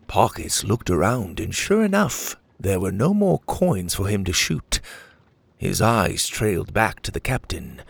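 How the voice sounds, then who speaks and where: A man narrating a children's adventure story in an animated way, voicing each character. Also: on the low side, a little slow, gravelly, slightly rough, dry recording.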